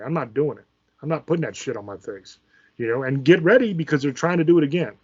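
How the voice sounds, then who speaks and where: A man's voice: mid-range voice, dull audio. Angry ranting man, profane and combative. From Virginia, USA. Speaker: channel host. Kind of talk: ranting political commentary.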